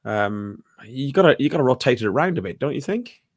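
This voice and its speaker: A man's voice: mid-range voice, big pitch swings, a little fast, slightly rough, dry recording, studio quality. A man hosting a football podcast, talking hesitantly with many fillers and reading out viewer comments. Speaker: podcast host. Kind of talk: casual football chat.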